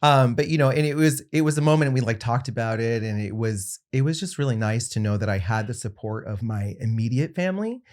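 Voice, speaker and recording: A young adult man guesting on a podcast, telling a personal story in an easygoing, conversational way. He brings his tale to life by voicing the people in it, and his pitch sits in the middle range. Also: quick pace, few pauses. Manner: animated storyteller acting out quotes.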